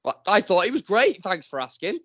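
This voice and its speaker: A man's voice: sits high, wildly swooping pitch, brisk, a bit bright, no echo, lo-fi sound. A man hosting a casual podcast, chatty and teasing, enthusiastic when praising a guest. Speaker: podcast host.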